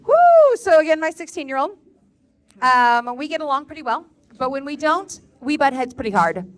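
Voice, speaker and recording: A woman's voice: high voice, normal speed, a bit bright. Sarcastic woman doing a stand-up set. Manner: sarcastic, profane storytelling about her kids. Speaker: stand-up comedian. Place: live comedy venue in a bar.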